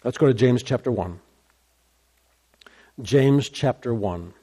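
A man preaching a sermon, emphatic and repetitive, his voice rising high when he gets excited. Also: slow. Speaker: pastor.

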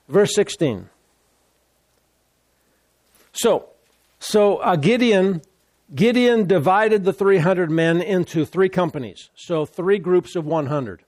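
A man preaching a sermon with call-and-response, animated and repeating words for emphasis. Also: fairly high pitch.

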